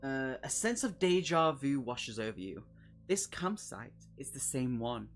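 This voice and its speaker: A man's voice: medium pitch, sing-song, unhurried, slight background noise. Chatty man streaming a gamebook. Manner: chatty and jokey, laughing asides between read passages. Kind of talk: live solo gamebook playthrough.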